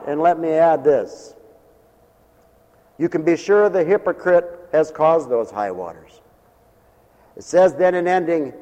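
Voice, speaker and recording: A man preaching a sermon at a mission, folksy and pastoral, asking his listeners questions and swinging from soft asides to loud exhortation. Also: a little high, measured pace. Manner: folksy and pastoral, speaks directly to listeners with call-and-response questions. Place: mission hall with a congregation. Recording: long reverb of a large hall.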